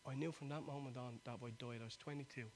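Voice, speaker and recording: A man, preaching a sermon that swings from loud exhortation to quiet, intimate appeal. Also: medium pitch, fairly even intonation, fast, slight background noise.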